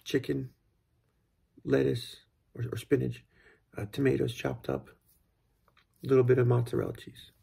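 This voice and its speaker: Gravelly raspy dad just rambling about parenting, lots of likes and restarts. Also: male voice, medium pitch, steady tone, normal speed, long pauses, mellow. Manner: rambling, thoughtful, full of fillers and restarts. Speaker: father sharing parenting tips. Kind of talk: casual reflective monologue.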